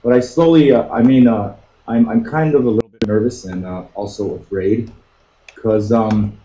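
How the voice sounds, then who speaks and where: A man's voice: lowish voice, warm tone. Hesitant male caller on a dull echoey line. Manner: hesitant, frustrated, many fillers. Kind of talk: casual call-in talk. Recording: dull, echoey call audio.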